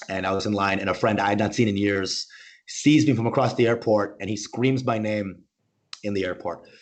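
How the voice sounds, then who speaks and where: A man doing animated, rambling stand-up comedy over a video call, often tossing in "okay?" and "oh my God". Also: mid-range voice.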